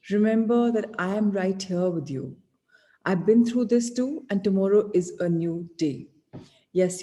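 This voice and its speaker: A woman leading a self-help lesson, gentle and encouraging, repeating her key points. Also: mid-range voice. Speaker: self-help course leader. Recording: long hall reverb.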